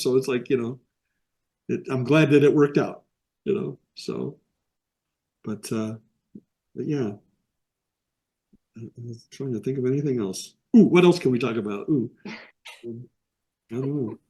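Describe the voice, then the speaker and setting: A man's voice: medium pitch, lively intonation, moderate pace, pauses often, warm tone. A middle-aged man from the American Midwest, telling rambling anecdotes in a casual interview over a video call. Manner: rambling anecdotes with quoted voices. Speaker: interview guest, animation artist.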